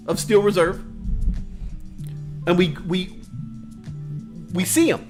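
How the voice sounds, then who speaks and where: A high-voiced man telling a story on a live stream. He talks loosely and profanely, with "like" scattered through his sentences, and keeps the tale animated. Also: normal speed, pauses often, faint music behind. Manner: animated, profane, lots of "like" fillers.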